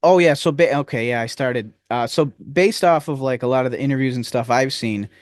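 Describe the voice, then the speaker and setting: A man's voice: mid-range voice, a little fast, dry recording, clean studio sound. A man co-hosting a podcast in casual chat, rambling and joking, sometimes slipping into silly impressions. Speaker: podcast co-host.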